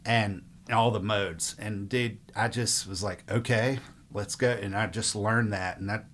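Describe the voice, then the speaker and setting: Relaxed man, lowish voice. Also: measured pace, slight background noise. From Mississippi. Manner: relaxed, rambling, frequent fillers. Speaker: musician guest. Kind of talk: casual interview storytelling.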